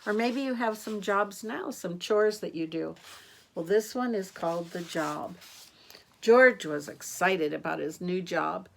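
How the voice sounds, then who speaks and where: A woman reading a storybook aloud to children, gentle and asking the listener questions. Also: lowish voice, measured pace, creaky.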